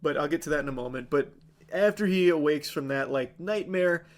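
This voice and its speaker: A man's voice: on the high side, brisk. A man live-streaming a casual, sarcastic movie recap, rambling with lots of "like" and swearing freely. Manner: rambling with many fillers like "like".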